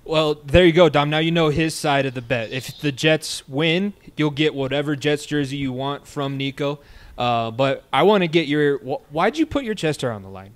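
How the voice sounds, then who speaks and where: A man hosting a sports podcast in a relaxed way, bringing in guests and steering the chat. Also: on the high side, moderate pace. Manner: easygoing, steering the conversation. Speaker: podcast host.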